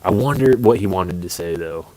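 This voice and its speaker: Deep-voiced guy rambling on a podcast, lots of ums and restarts. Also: expressive, normal speed, warm tone, poor audio. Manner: rambling, many restarts and fillers. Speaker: podcast co-host. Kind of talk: casual chat.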